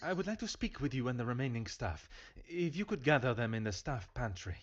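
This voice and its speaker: An actor playing a fussy, formal Belgian detective in a game. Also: male voice, mid-range voice, very animated, fairly quick, a little hiss or hum, lightly acted. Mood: polite. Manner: formal, precise and stern. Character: fussy middle-aged male Belgian detective. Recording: dull lo-fi game audio.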